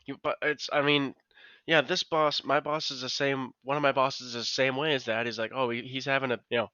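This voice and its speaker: Podcast co-host, male, bright edge, dry close mic with a slightly dull sound; animated, candid storyteller. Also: medium pitch, fairly quick, clean tone, no echo. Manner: animated storytelling, swearing freely. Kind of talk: casual chat.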